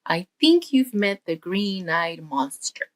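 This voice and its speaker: Woman playing a gentle patient dad, calm and explaining, kids' story voice. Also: fairly low pitch, slow pace.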